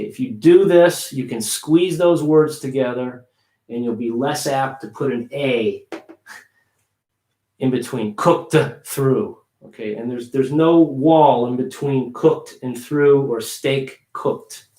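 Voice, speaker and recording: A man teaching English pronunciation on a livestream, repeating words slowly for practice. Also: medium pitch, creaky, warm tone, roomy sound.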